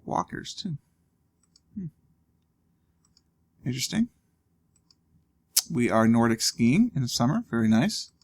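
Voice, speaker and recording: A man with a gravelly, creaky voice talks through a video game in a loose, casual way. He thinks out loud and throws in dry little jokes as he goes. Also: mid-range voice, sing-song, slow, long pauses. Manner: thinking aloud, wry asides. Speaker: let's play host. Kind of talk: casual gameplay commentary.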